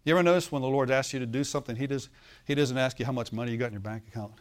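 A man's voice: mid-range voice, very fast. A male pastor preaching a sermon, telling a story and often asking the congregation for an amen, with a laugh now and then.

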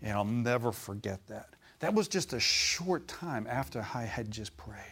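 Storytelling preacher, warm emphatic man. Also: medium pitch, animated, moderate pace. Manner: storytelling, rising to emphatic exclamations. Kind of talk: sermon.

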